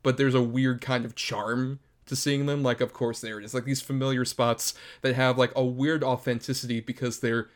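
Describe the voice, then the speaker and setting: A man's voice: medium pitch, little pitch movement, normal speed, hardly any pauses. A man from Florida chatting casually about a film, loose and rambling, full of "like" and casual swearing. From Florida, USA.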